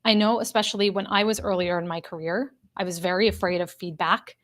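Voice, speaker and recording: An executive coach runs a live online workshop, talking directly to people in the chat and repeating key points so they stick. She is earnest, with a middle-range pitch, fairly even intonation, a brisk pace and a slightly bright tone.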